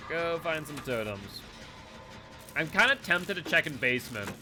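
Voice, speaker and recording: Excitable man streaming a game. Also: on the high side, normal speed, over music. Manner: excitable, jumps to shouting when startled, laughs often. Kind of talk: live gameplay commentary.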